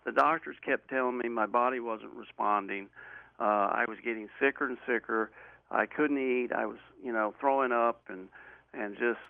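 An interview guest talks over a call in a gravelly, creaky voice. His earnest storytelling rambles and restarts often. The sound is thin and phone-like, with a dry, close quality. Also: medium pitch, fairly even intonation, moderate pace, no echo. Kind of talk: personal storytelling in a remote interview. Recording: tinny phone-line audio.

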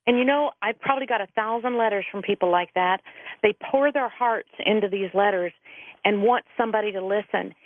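A woman's voice: medium pitch, a little fast, no echo. Earnest woman talking over a tinny phone line. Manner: earnest storytelling, quotes others at length. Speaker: phone-in guest, veterans' advocate. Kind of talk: radio interview over the phone. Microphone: telephone.

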